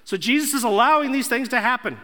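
A man's voice: very high voice, fast, sharp tone. A young man preaching a sermon as pastor, emphatic, building through repeated declarations. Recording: echoey hall.

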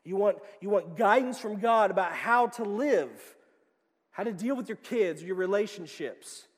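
A man preaching a sermon as pastor, emphatic, swinging from quiet, low passages to loud, pressing ones. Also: lively intonation, a little slow, husky. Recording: long reverb of a hall.

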